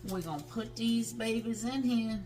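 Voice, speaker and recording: A woman's voice: fairly high pitch, moderate pace. A middle-aged woman hosting a home cooking vlog in her kitchen, chatty and folksy, calling her viewers y'all and laughing easily. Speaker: home cooking show host. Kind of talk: casual cooking vlog chat.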